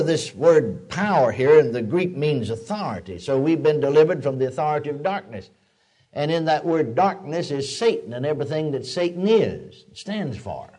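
A man's voice: fairly high pitch, a little mellow. An older man preaching a sermon in a folksy, storytelling way, building to emphatic declarations.

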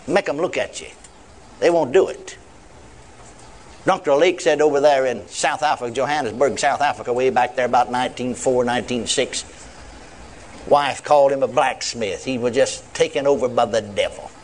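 A man's voice: medium pitch, moderate pace, slight background noise. A man preaching a sermon, retelling a conversation and acting out both sides. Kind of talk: sermon with retold dialogue.

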